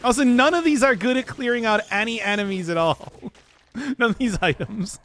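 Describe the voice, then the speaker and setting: Giggly high-voiced male streamer. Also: normal speed, a bit bright, a little hiss or hum. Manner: giggly, self-deprecating banter with chat. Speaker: game streamer. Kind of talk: casual gaming commentary.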